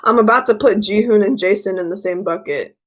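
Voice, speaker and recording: Speaking briskly in a mid-range voice, a tarot reader hosting a livestream chats casually and tells stories in a rambling way, frequently repeating herself.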